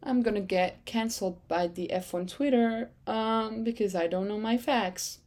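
At a moderate pace and medium pitch, a woman whose first language is French hosts a relaxed solo podcast chat. She rambles and corrects herself, and she'll suddenly jump into excitement.

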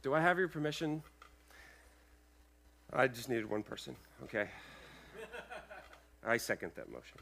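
A male pastor preaching a sermon to his congregation, earnest and emphatic, with loud peaks and quiet asides, checking in with the room. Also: medium pitch, expressive, measured pace, creaky, long pauses. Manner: addresses the congregation with checking questions. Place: church sanctuary, speaking over a sound system.

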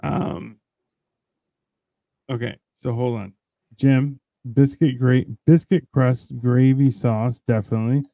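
A man hosting a podcast in a rambling, profane, excitable casual chat while high. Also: slow pace, gravelly, no room sound. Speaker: podcast host.

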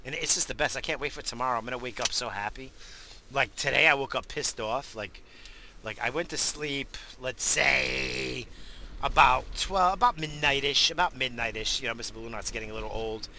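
A man hosting a casual rambling monologue, swinging from loud hyped shouts to low muttering, swearing often and coughing now and then. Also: normal speed, creaky, a little hiss or hum. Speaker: podcast host.

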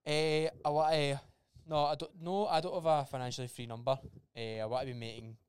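A man's voice: on the high side, steady tone, a little fast, darkish tone, clear, resonant tone, dry recording, studio quality. A Scottish man co-hosting a podcast, chatting bluntly and swearing in a casual way. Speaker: podcast co-host.

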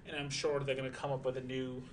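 A man's voice: mid-range voice, flat delivery, fast. Young man, streamer, casual rambling chat, swears a lot, faint hiss behind. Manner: rambling, profane, lots of fillers.

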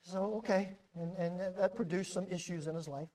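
A middle-aged American man, a pastor preaching a sermon, who repeats words and swings between loud and quiet for emphasis. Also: high voice, steady tone, fairly quick.

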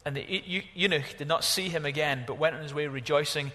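Animated pastor preaching in a hall. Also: male voice, fairly high pitch, fast talker. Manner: animated, exclaiming, varies from loud to hushed. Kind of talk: sermon.

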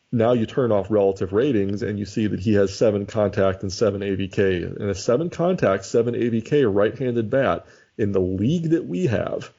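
A man's voice: lowish voice, gravelly, dark tone, slightly rough. A man co-hosting a casual podcast chat, thinking aloud and often restarting his sentences. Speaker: podcast co-host. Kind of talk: casual chat about a baseball sim league. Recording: dull lo-fi audio.

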